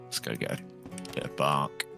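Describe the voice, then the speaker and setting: A man's voice: a little slow, music in the background. A man chatting casually while streaming a survival game, rambling and lightly joking. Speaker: gaming streamer. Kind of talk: casual live gameplay chat.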